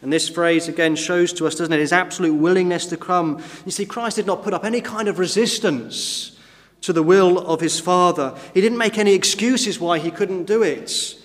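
A man's voice: sits high, normal speed. A man preaching a sermon to a congregation, asking the listeners rhetorical questions and often adding tag questions. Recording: long hall reverb.

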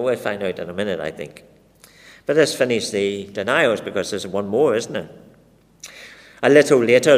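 Preacher with lively rhetorical questions. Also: male voice, lowish voice. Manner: dramatic, with many rhetorical questions put straight to the listeners. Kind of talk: expository sermon. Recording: long reverb of a large hall.

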